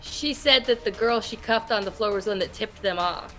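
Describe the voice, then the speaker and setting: A woman taking part in a tabletop game, stating her character's moves in a calm, soft-spoken way. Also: medium pitch, a little fast, soft background music. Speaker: player.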